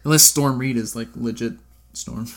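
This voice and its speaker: A man's voice: medium pitch, fairly even intonation, moderate pace, a loud crowd. A man co-hosting a casual podcast chat, laid-back, laughing often and swearing offhandedly. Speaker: podcast co-host.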